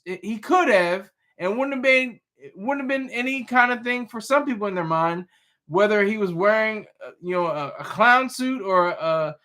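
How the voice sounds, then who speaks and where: A man's voice: sits high, bright, forceful tone. A man hosting a livestream, casually chatting and reading viewer comments with playful teasing and frequent restarts. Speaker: livestream host.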